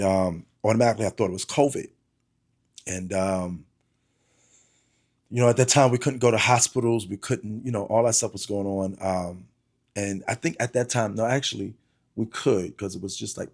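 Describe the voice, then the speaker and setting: Middle-aged man, pastor, personal testimony, gravelly, breathy edge, earnest, repeats himself. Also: fairly low pitch, fairly quick, darkish tone. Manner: earnest, restarts and repeats words, addresses listeners as y'all.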